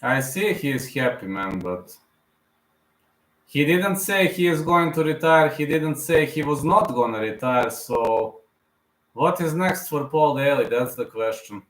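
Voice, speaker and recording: A man's voice: on the high side, lively intonation, a little slow, a bit bright, echoey room, low-quality recording. A man in his thirties hosting a live fight reaction stream, talking in an emotional, repetitive fan manner. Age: 30s.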